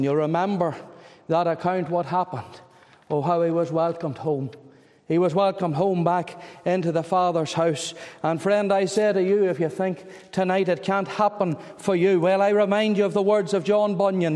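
A man's voice: high-pitched, fairly even intonation, moderate pace, a little mellow. A man preaching an evangelistic sermon, pleading and fervent, repeating phrases for emphasis. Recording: long hall reverb.

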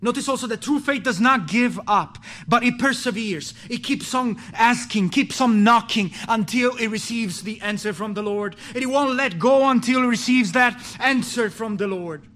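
A man preaching a sermon with passion, rising to loud pleading and dropping to low, quiet stretches, often restarting his words. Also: normal speed, hardly any pauses. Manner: impassioned, swings from pleading loud to low and hushed.

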